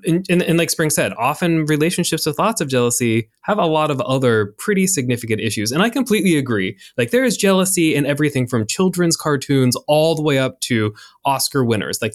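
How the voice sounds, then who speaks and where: A young man chats casually as a podcast co-host. He talks in a loose, jokey way full of fillers. His voice sits at an ordinary middle pitch. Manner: chatty, filler-heavy, jokey. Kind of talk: casual chat.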